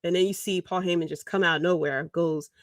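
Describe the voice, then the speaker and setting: A woman hosting a casual livestream, talking in a rambling, animated way and chuckling mid-sentence. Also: lowish voice, brisk, no echo, studio quality. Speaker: podcast host.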